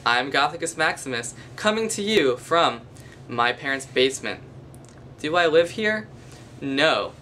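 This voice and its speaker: A man's voice: on the high side, sing-song, a little slow, bright, forceful tone, slight background noise. A young man with a nasal voice, speaking to camera in a mock-formal, pompous manner from a basement at night. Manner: pompous, long-winded formal phrasing. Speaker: vlogger. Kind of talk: mock-formal comedic monologue.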